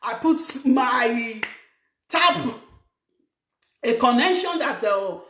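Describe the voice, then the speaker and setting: High-voiced Nigerian woman, scolding. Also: lively intonation, drawn-out words, reverberant, background noise. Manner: scolding, emphatic, rising to shouts. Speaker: talk show host. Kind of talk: preaching monologue to viewers. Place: living abroad, in a room.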